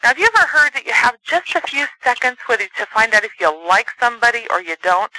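Bright high-voiced male sales coach. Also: expressive, fast, no room sound, rough recording. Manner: earnest, coaching, acts out voices to demonstrate. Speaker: sales trainer. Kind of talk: motivational training talk.

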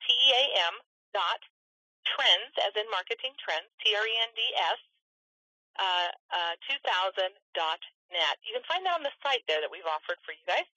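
A woman's voice: medium pitch, lively intonation, moderate pace, bright, forceful tone, husky, dry recording, poor audio. A woman giving a chatty training talk on a conference call, coaching listeners and asking them questions.

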